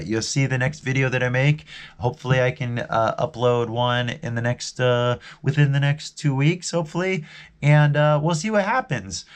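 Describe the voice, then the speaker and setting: A man with a Californian American accent speaks in a loose, rambling live-stream chat at a middle pitch. He often trips over his words and restarts sentences. He addresses his viewers in a friendly, informal way. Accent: Californian American English. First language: English. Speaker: language teacher and live streamer.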